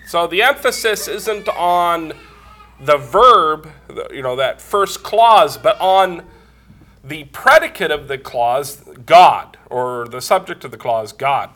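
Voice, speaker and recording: A man's voice: a little high, animated, slow pace, sharp tone. A man preaching a Bible lesson, explaining grammar step by step, congested and coughing from a cold. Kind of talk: Bible teaching sermon.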